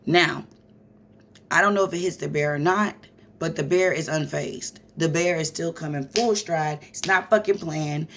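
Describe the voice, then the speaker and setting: A woman telling a childhood story to her viewers in a casual vlog, animated and profane, calling them "y'all". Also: sits low, measured pace.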